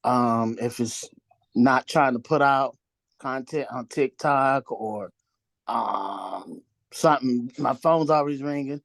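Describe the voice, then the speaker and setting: A man's voice: mid-range voice, slow pace, gravelly, a bit bright, dry recording. A man in a casual group discussion, talking in a hesitant, chatty way with restarts. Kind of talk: casual chat.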